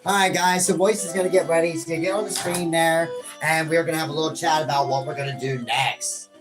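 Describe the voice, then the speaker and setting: A man's voice: fairly high pitch, fairly even intonation, fast talker. A man hosting a casual gaming session, joking around, swearing and calling everyone bro and buddy. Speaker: gaming channel host. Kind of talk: casual let's-play banter. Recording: music playing behind the voice. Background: game music.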